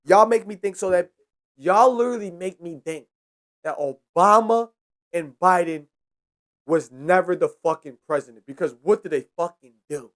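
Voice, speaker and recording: A man's voice: high-pitched, normal speed. A young man hosting a podcast, ranting in a heated, profane way and repeating himself for emphasis. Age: young adult. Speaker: podcast host. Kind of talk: casual ranting monologue.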